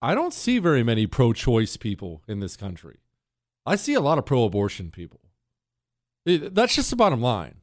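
A middle-aged man hosting a talk radio show, delivering an opinionated monologue in an animated, indignant way that swings between loud outbursts and quiet asides. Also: medium pitch, moderate pace, no room sound, studio quality.

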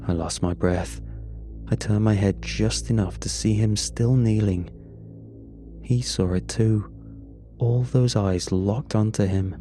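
Slow, deep-voiced male horror narrator. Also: steady tone, warm tone. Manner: measured, grim storytelling. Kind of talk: first-person horror story narration. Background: faint music.

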